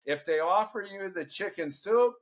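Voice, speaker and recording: A man's voice: sits high, expressive, moderate pace, voice pushed up. A man voicing a grumpy old male hospital patient in a joke.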